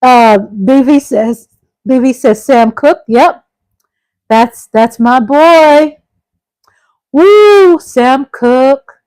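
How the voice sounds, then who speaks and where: A woman's voice: high voice, drawn-out words, darkish tone, dry recording, low-quality recording. A middle-aged woman hosting a casual live stream. She reads out viewer comments and chats back to them, calling her viewers y'all and breaking into exclamations.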